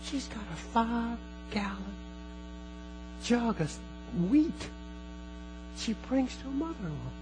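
A man preaching a sermon as pastor, earnest, repeating phrases and slowing down for emphasis. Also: very high voice, big pitch swings, music in the background, rough recording.

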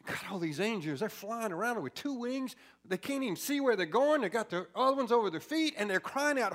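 High, lively-voiced man preaching a sermon. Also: a little fast, few pauses. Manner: dramatic swings from loud exclamations to hushed whispers.

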